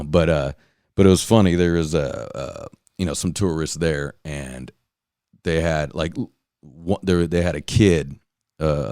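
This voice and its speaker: A podcast host from California rants casually and profanely, rambling with many fillers and restarts. His voice sits low with a darkish tone, and the clean studio sound has no room sound.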